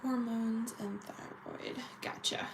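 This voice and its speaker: A woman's voice: a little high, fairly even intonation, takes it slowly, heavy background noise. A woman chatting casually and giggling while doing her nails on camera. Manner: chatty, giggly, self-mocking. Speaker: nail vlogger.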